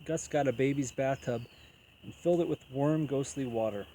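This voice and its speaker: A man reading a children's picture book aloud as storyteller, in an even, unhurried way. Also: mid-range voice, slight background noise, low-quality recording.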